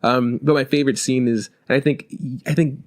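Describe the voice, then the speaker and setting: A young man co-hosting a podcast, chatting casually in a rambling, animated way full of fillers. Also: medium pitch, brisk. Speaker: podcast co-host. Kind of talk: casual chat.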